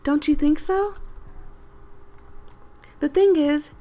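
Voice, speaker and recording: A woman voicing a bossy, perky young woman from a game, reading her lines in a brisk, coaxing way. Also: high voice, dark tone.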